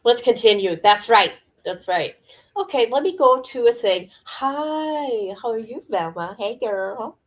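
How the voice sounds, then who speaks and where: A woman's voice: fairly high pitch, lively intonation, measured pace. A woman hosting a livestream, chatting casually and talking straight to her viewers about celebrity gossip. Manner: chatty, addresses viewers directly. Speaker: livestream host.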